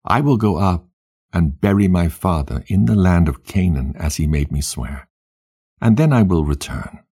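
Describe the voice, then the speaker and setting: Man as grieving grown son, earnest, low, dark tone, scripture reading. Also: animated, moderate pace, husky, heavily acted.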